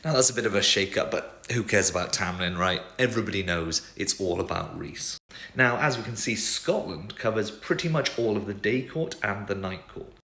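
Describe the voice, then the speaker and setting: A man's voice: lowish voice, a bit bright. A young man giving a wry, chatty comic explainer monologue. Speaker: video creator. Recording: roomy echo.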